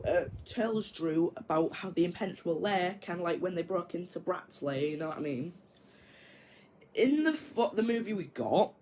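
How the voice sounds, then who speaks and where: A video creator with a high-pitched voice casually retells his own version of a film plot, rambling with lots of fillers and mouth sound effects. There's background noise.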